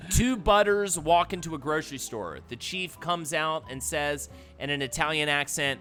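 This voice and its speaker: A man hosting a live stream reads jokes aloud in a bright, slightly high voice, laughing along as he goes. He tells long stories with plenty of playful asides. Faint music plays behind him. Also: normal speed, few pauses. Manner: playful joke-telling, laughs often. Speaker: host.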